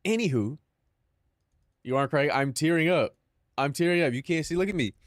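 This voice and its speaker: Young guy streamer rambling and joking with chat, kinda high voice. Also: fast talker, no echo, studio quality. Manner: joking, mock-dramatic, chatty with filler words. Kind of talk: casual live-stream chat.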